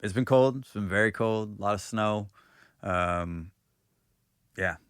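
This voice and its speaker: Low-voiced man chatting casually. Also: a little slow, a bit bright, clean tone, dry recording, clean studio sound. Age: adult. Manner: rambling, swears casually. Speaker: podcast co-host. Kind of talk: casual chat.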